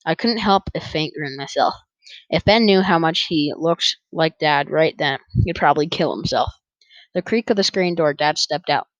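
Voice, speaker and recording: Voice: medium pitch, moderate pace, no room sound, muffled recording. An audiobook narrator reading a first-person story in an easygoing way, with small stumbles and rereads.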